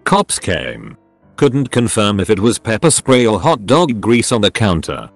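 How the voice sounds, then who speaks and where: A man's voice: on the low side, big pitch swings, unhurried, no room sound. A man narrating online stories aloud in a plain storytelling delivery. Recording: dry close recording with faint background music.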